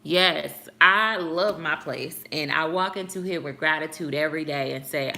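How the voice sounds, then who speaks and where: A woman's voice: low voice, normal speed, vocal fry, hardly any pauses, pushed and bright. A young woman vlogger chatting earnestly with her viewers at home, answering comments with a preachy edge. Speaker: YouTube vlogger. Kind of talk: casual chat answering comments. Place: apartment at home.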